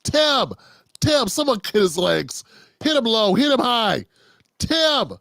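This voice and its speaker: A man's voice: very high voice, very animated, slow, creaky, a bit bright, no echo, clean studio sound, exaggerated voice. A man doing an impression of an exasperated woman news anchor who keeps scolding a panelist by name, over and over. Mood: frantic scolding.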